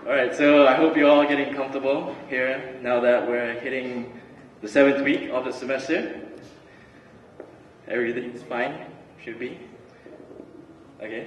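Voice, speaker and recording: A man's voice: mid-range voice, highs cut off, slight background noise. Young man talking in an echoey hall. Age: young adult. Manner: relaxed, chatty, many fillers and restarts. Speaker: student speaker. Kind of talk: casual student talk and spoken word. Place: large hall. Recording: roomy hall recording from far off.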